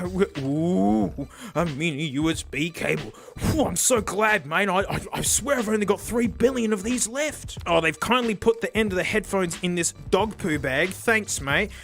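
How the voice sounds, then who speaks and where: A sarcastic young man tears through a comedic unboxing, his voice high and bright. He's animated, quick to shout and laugh, with faint music playing beneath him. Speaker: tech reviewer.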